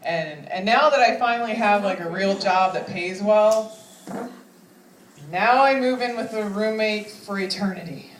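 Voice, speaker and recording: A woman in her thirties performs stand-up on a comedy club stage, chatty and self-mocking, laughing often. Her medium-pitched voice runs a little slow, picked up by a distant mic in an echoey room with slight hiss or hum.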